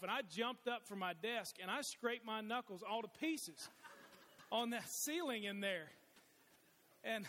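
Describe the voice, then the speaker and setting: This middle-aged pastor's voice sits high, bright and forceful as he preaches, telling folksy stories with frequent restarts. He's recorded in a church sanctuary with the long reverb of a big hall.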